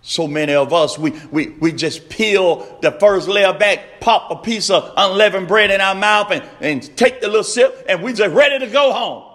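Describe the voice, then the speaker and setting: A man preaching a sermon, slow and emphatic, repeating his refrains and rising to shouts. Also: high-pitched.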